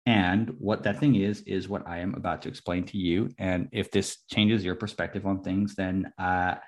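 A young man co-hosting a casual chat, excitable and swearing freely, laughing often. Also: low voice, moderate pace. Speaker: podcast co-host.

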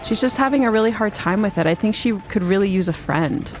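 A woman narrating a tabletop game as game master, in a calm storytelling manner. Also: mid-range voice, quick pace.

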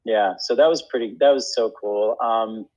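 A man's voice: on the low side, moderate pace, a little mellow, low-quality recording. A man, an actor and acting teacher, telling a story in a casual interview, with many restarts and frequent laughs.

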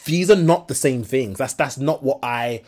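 A young man hosting a solo podcast, his accent shifting between Birmingham and London. He talks frankly and rambles, with lots of fillers and false starts, at an ordinary mid pitch for a man. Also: moderate pace, a little mellow. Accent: switches between Birmingham and London. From English Midlands. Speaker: podcast host. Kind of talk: solo opinion monologue.

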